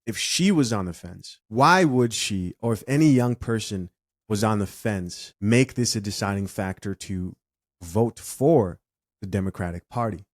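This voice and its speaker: A man hosting a commentary video, calmly reading out viewer comments. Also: lowish voice, no room sound, clean studio sound. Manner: measured, reads comments aloud. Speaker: commentary host.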